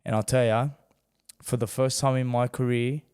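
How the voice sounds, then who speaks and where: A man's voice: medium pitch, moderate pace, clear, resonant tone, long reverb tail. A man, a former boxer telling his story as a podcast guest and acting out the voices he quotes. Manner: animated, acts out quoted voices. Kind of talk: candid storytelling in a podcast interview.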